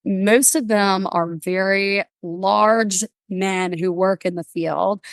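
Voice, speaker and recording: A woman guest on a podcast, bubbly and animated, telling stories and acting out little voices in casual interview chat. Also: medium pitch, takes it slowly, dry recording, clean studio sound. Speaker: podcast guest, workplace wellbeing speaker.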